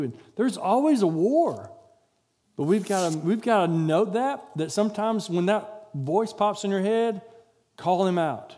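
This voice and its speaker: Chatty high-voiced man preaching. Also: lively intonation, moderate pace, warm tone. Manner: chatty, rambling, with acted-out quotes. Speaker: pastor. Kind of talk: children's sermon. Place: church sanctuary.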